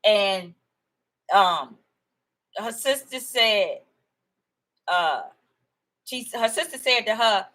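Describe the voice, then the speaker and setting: A woman in a casual, rambling monologue to her viewers, animated and emphatic, often repeating herself. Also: medium pitch, extremely slow, long pauses, low-quality recording. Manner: animated and excitable, laughing and emphatic; rambling storytelling with repetition. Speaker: video host.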